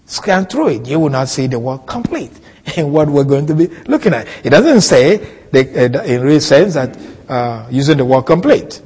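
A man teaching a Bible passage in a sermon, slow and deliberate, repeating key words for emphasis. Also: a little high, very animated, darkish tone, breathy edge, in a large hall, low-quality recording. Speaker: preacher.

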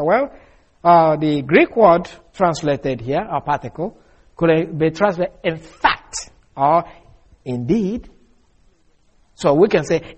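Male preacher, slightly raised pitch, husky tone, deliberate and emphatic Bible teaching. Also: animated. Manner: measured, emphatic, frequent "uh" fillers. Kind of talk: expository sermon.

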